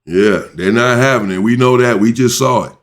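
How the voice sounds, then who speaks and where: Indignant man giving heated commentary. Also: moderate pace. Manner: indignant, rising sharply in pitch when worked up. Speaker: commentary channel host.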